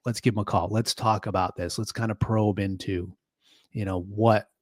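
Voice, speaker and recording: A man co-hosting a podcast, calmly explaining ideas in casual chat with fillers. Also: fairly low pitch, normal speed, dry recording, clean studio sound. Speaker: podcast co-host, sales consultant.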